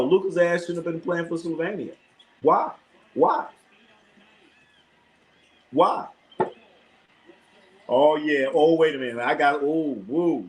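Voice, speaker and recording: A man from Los Angeles hosts a live sports show, his voice fairly high and the recording rough. He talks loosely and animatedly, full of profane trash talk, in casual live sports chat.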